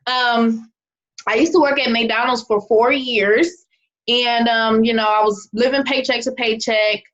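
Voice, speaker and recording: A woman's voice: a little high, fairly even intonation, measured pace, a bit bright. Chatty woman presenting over a muffled call. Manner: chatty, keeps checking in with "okay?". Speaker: online marketing presenter. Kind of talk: casual presentation on a video call. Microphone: video call microphone. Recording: muffled video call audio.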